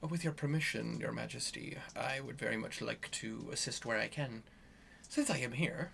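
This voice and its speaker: A man voicing a courteous male magic healer who speaks politely and softly, with hesitant fillers. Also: mid-range voice, normal speed, gravelly, slight background noise.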